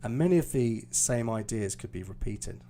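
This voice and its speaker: A man's voice: on the low side, lively intonation, normal speed, warm tone, a little hiss or hum. A British man teaching pronunciation on a live stream lesson, explaining patiently with many fillers. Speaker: IELTS teacher.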